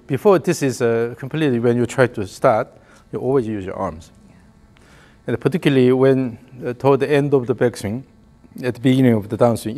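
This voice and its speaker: A man's voice: mid-range voice, a little mellow. A man giving a hands-on golf lesson, explaining the swing and calling out short repeated cues in rhythm. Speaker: golf coach.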